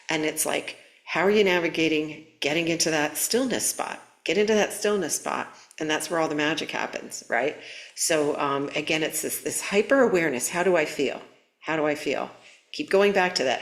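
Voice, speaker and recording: A woman hosting a spiritual channel, talking casually and playfully to her viewers, with frequent fillers and a habit of asking "right?". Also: low-pitched. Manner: playful, laughing, many fillers and rhetorical "right?".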